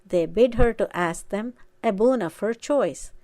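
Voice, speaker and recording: A woman narrating a sacred story in a measured, earnest reading. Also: mid-range voice, mellow, no room sound.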